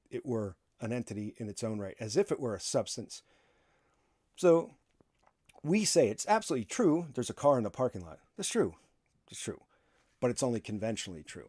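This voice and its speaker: A man's voice: medium pitch, darkish tone, no room sound, studio quality. A man giving a philosophy class lecture, talking casually, acting out quotes in other voices and chuckling often.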